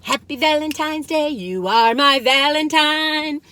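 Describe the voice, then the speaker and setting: A woman's voice: sits high, a little slow, heavy background noise. A woman chatting through a cookie taste-test, humming and singing snippets between bites and talking with her mouth full. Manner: chatty, breaks into snippets of song; talks while chewing, savoring sounds. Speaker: food reviewer. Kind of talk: casual taste-test chat.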